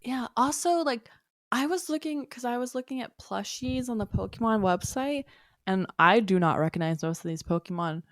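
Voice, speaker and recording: Woman on a podcast, giggly and curious, voice a bit high, dry close sound. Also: animated, normal speed, no echo. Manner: curious, asks questions, giggly. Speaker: podcast co-host. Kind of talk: casual podcast chat.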